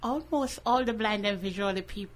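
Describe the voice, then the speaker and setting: A woman speaking as a guest in a radio studio interview, earnest and measured. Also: medium pitch, slight background noise.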